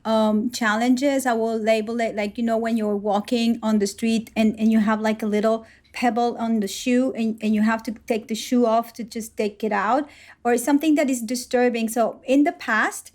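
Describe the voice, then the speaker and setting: A woman with a slightly high, steady, darkish voice speaks at a moderate pace as a guest in a conversational interview. She reflects and tells personal stories, often acting out what people said.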